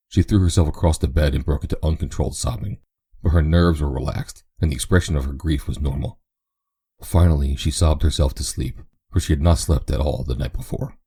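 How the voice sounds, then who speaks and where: Man, audiobook narration, very low voice, husky, mellow tone. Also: a little fast. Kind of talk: scripted narration.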